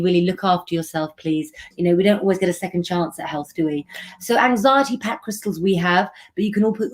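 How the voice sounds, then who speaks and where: A middle-aged woman hosting a live stream, chatting affectionately with viewers and giving tarot readings. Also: mid-range voice.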